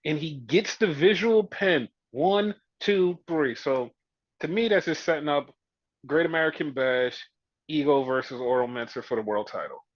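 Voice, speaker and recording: Slightly high in pitch and moderately paced, a male podcast host swears his way through a casual wrestling recap. Scenes come alive as he acts out quoted lines with animated, profane energy. There's no room sound, and the lo-fi recording is dull and dry.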